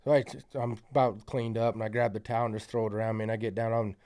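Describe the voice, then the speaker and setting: A man's voice: lowish voice, little pitch movement, quick pace, mellow. A man from Utah, a hunting guide, telling a story as a podcast guest in a rambling, profane way, full of fillers like "you know" and "like". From South Central Utah. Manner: acts out quoted lines. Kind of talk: casual storytelling.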